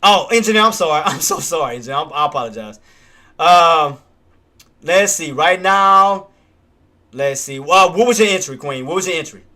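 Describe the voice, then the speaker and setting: A man hosting a live trading stream talks in an emphatic, streetwise way. His voice sits high with a bright, forceful edge. He repeats himself to drive each point home. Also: expressive, moderate pace. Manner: emphatic, repetitive, streetwise casual speech. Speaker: stock trading livestream host.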